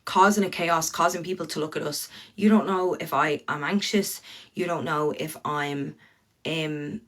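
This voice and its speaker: Sweary Irish woman with a low, forceful voice. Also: measured pace. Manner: blunt and sweary, talking straight to her viewers. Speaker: livestreamer. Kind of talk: ranting livestream chat.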